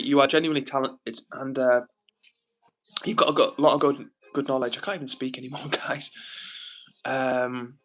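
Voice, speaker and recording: A man hosting a laid-back live stream from a home setup, reading viewer comments aloud. His voice sits at an ordinary middle pitch, and he talks in an easygoing, gentle and reassuring way. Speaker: livestream host reading chat. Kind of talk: casual live-stream chat.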